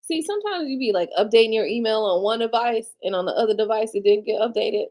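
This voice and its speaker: A woman chats with her viewers late at night in a high voice. She sounds tired, and her speech is slangy and casual. Her pitch swings widely, from low murmurs up to sudden excited squeals. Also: quick pace. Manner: chatty and slangy, talks to viewers as y'all. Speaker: livestream host. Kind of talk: casual livestream chat.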